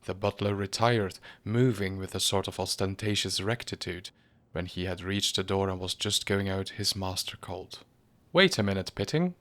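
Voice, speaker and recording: A man narrating a storybook reading in a measured, grave manner. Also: low-pitched, flat delivery, a bit bright.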